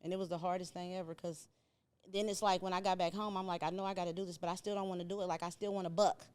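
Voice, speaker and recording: A woman's voice: on the low side, rapid-fire, smooth. A middle-aged woman from Indiana, a podcast guest telling her story in casual talk, acting out what people said. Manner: animated storyteller acting out quoted voices.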